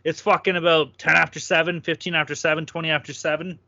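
Bright, hyped-up male podcast host. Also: on the high side, little pitch movement, fast, vocal fry, dry recording, dull audio. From Toronto, Canada. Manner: loud, hyped, swearing freely. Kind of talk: casual podcast banter.

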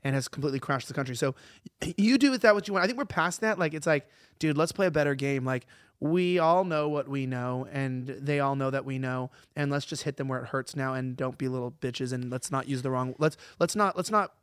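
A man co-hosting a podcast, in casual chat full of quick restarts. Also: medium pitch, clean tone, dry recording, clean studio sound. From Australia. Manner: fast, loose talk with many restarts. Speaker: co-host.

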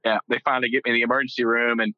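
A man's voice: mid-range voice, little pitch movement, rapid-fire, no echo, lo-fi sound. A middle-aged man from Texas, a guest telling his story casually, rambling with fillers and joking.

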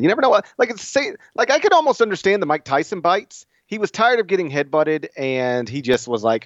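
Male podcast co-host, 30s, slightly high voice, animated and quick to laugh, dull lo-fi mic. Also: no echo. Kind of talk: casual sports chat. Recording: dull, lo-fi sound.

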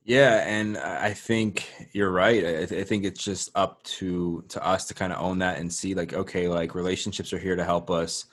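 A man's voice: deep voice, fairly even intonation. A man hosting an interview, talking casually with many fillers and restarts. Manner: casual, filler-heavy, halting. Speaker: podcast host. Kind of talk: interview conversation.

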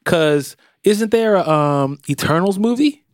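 A man's voice: high-pitched, animated, a little slow, no echo, studio quality. A man co-hosting a casual podcast chat, wry and teasing, thinking aloud as he goes. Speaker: podcast co-host. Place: podcast studio.

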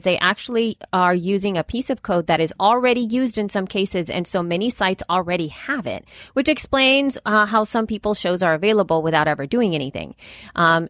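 A woman's voice: medium pitch, fairly bright tone, no room sound, clean studio sound. Chatty woman podcast co-host. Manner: chatty, rambling with restarts and laughs. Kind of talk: casual chat, reading listener messages.

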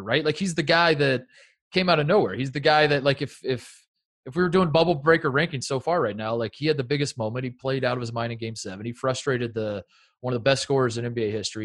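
A man co-hosting a casual sports chat, excitable and laughing as he acts out coaches' rants. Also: mid-range voice. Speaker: co-host.

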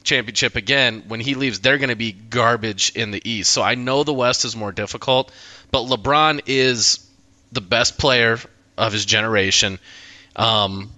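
A man on a sports panel, opinionated and animated as he tells stories and argues. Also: medium pitch, moderate pace. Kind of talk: sports debate talk.

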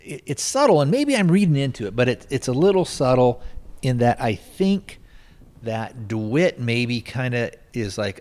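A man's voice: mid-range voice, big pitch swings, moderate pace, darkish tone. A man hosting a podcast, casually retelling a film's plot in a rambling way, with many restarts and filler words. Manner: rambling, lots of restarts and "you know". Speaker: podcast host reviewing a film.

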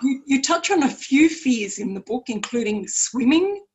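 Interviewer, woman, slightly high-pitched, friendly and reactive. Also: sing-song, moderate pace, darkish tone, muffled recording. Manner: friendly, laughs along, brief reactions. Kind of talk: interview questions.

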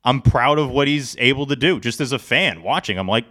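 A man co-hosting a sports podcast, talking in a casual, animated, rambling way. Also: mid-range voice, fairly quick. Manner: animated, rambling, self-deprecating. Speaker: podcast co-host.

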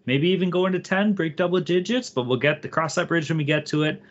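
A man's voice: fairly high pitch, fast talker, highs cut off. A man co-hosting a sports betting podcast, casual, profane and hyped as he talks. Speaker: podcast co-host.

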